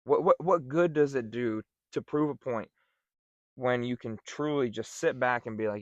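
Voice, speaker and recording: A man's voice: medium pitch, moderate pace, dry recording, lo-fi sound. A young man co-hosting a podcast, reflecting earnestly in casual chat. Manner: earnest, reflective, with many fillers. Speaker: podcast co-host.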